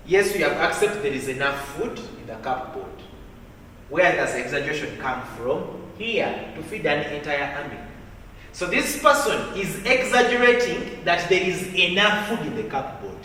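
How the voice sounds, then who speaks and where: A male teacher leading a literature lesson in a classroom, asking questions and repeating phrases as he dictates notes slowly. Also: on the high side, bright, forceful tone, slight background noise. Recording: echoey classroom from far off.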